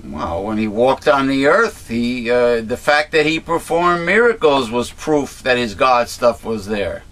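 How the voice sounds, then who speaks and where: A man's voice: mid-range voice, animated, measured pace, fairly bright tone. A man hosting a heated religious discussion, mostly agreeing and sometimes defensive. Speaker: show host.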